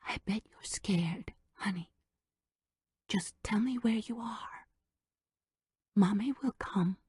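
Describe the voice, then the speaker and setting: A woman's voice: medium pitch, slow pace, breathy edge, dry recording, clean studio sound, pitched above the performer's own voice. A woman voicing a woman who whispers tensely into a phone, posing as a mother, in a whispered role-play. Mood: tense hushed. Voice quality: soft hushed whisper.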